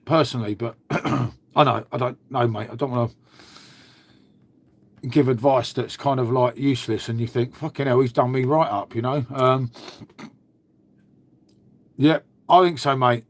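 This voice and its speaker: A man's voice: mid-range voice, steady tone, measured pace, pauses often. A man, hosting a live stream in a casual chat, chatty and matey, swearing freely and answering viewers. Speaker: beer channel host.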